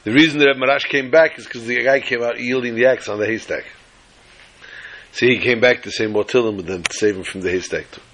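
A man telling a religious tale in a sermon, animated and dramatic, with a husky voice. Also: mid-range voice, fast talker, a little hiss or hum, low-quality recording. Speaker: religious storyteller. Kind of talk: storytelling sermon.

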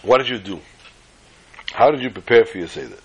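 A man doing a gentle, patient old rabbi. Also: medium pitch, expressive, fairly quick, husky, low-quality recording. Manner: patient, soft-spoken. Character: calm, gentle elderly rabbi.

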